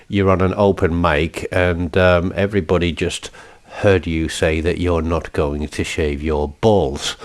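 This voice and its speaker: A man giving casual, rambling commentary over his own gameplay, laughing at his own jokes with frequent ums. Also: low voice.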